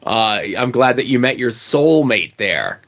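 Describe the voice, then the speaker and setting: A man hosts a podcast in relaxed, joking chat and often trails off with fillers. His voice sits in a middle pitch. The audio is dull and lo-fi. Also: unhurried, creaky. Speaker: podcast host. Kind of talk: casual chat.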